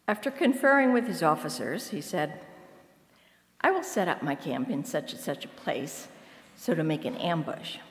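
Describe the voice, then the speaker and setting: A woman reading scripture aloud in a church at a measured pace. She raises her voice for the quoted speech. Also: low-pitched. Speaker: scripture reader. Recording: echoey hall with long reverb.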